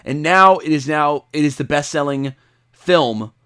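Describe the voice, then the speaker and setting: A young man chats on a podcast, his voice sitting a little high for a man. He talks casually and gets excitable, breaking into loud outbursts when he relives a moment. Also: unhurried, clear, resonant tone. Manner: excitable, shouting when retelling his reactions. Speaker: podcast co-host. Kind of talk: casual chat.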